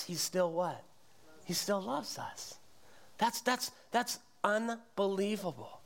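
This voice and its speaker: A male pastor preaching a sermon, earnest, quizzing the congregation and repeating words as he goes. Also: high voice.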